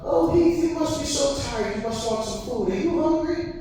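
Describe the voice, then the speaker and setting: A man's voice: extremely high pitch, animated, normal speed, dark tone, voice pushed up. A man voicing his sweet, doting old grandmother during a stand-up set, fussing over him in an echoey hall. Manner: fussing and caring. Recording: echoey hall, far mic, faint noise.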